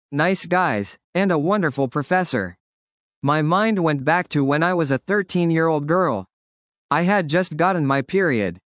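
A man with a somewhat high voice reads a newspaper feature aloud at a steady, measured pace. The recording is dry and close, with no room sound around him. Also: dry recording. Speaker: narrator.

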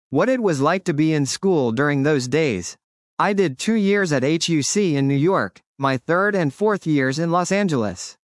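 A man reading a newspaper feature aloud in a steady, measured way. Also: a little high, dry recording, clean studio sound. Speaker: narrator.

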